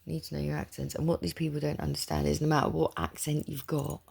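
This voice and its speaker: Gravelly, husky-voiced woman rambling. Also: low voice, level tone, fast talker, darkish tone. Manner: chatty, digressive, confiding. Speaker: spiritual reader. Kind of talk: rambling personal storytelling.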